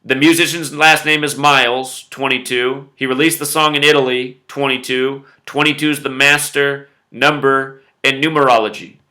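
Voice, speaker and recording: A man's voice: medium pitch, steady tone, normal speed, few pauses, bright, forceful tone. A man hosting a solo commentary video in a loose, conversational way, with musing asides and numbers repeated for emphasis. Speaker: video host.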